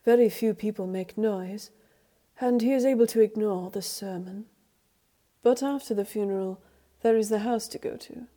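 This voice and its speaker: A woman reading a story aloud, in a measured, even storybook narration. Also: medium pitch. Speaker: reader.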